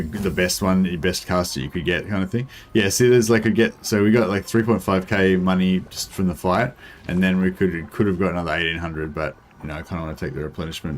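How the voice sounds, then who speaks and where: Answering chat between moves, this young Australian streamer rambles through a strategy game with plenty of fillers, keeping the commentary casual. His voice is low, and a little hiss or hum runs under the recording.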